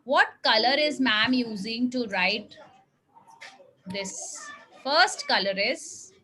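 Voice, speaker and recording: Woman teacher, bright voice, unhurried, coaxing small kids. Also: on the high side, animated, slight background noise, poor audio. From India. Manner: patient, drawn-out, coaxing teacher talk. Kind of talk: classroom phonics lesson with children.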